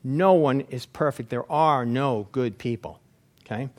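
A man's voice: mid-range voice, measured pace. A man giving an informal Bible teaching in a rambling, anecdotal way, with frequent fillers. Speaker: preacher.

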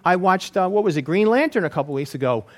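Lively high-voiced man teaching informally. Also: fast. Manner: rambling, anecdotal, with frequent fillers. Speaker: preacher.

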